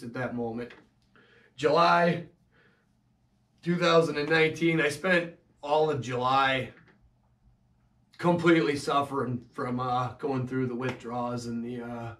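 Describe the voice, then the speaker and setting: Man, personal confessional monologue, halting delivery, echoey room, distant mic. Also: mid-range voice, a bit bright. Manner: halting, emotional, many restarts and fillers. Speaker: vlogger telling his own story.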